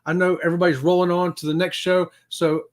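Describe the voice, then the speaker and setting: A middle-aged man runs a relaxed livestream chat. His voice sits a bit high for a man. He reads viewer comments in a folksy, upbeat way and often breaks into chuckles. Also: quick pace. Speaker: livestream host.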